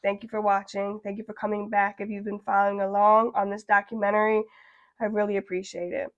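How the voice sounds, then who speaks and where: Flat-voiced young woman vlogger. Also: medium pitch, fairly quick, muffled recording. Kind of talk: casual vlog intro.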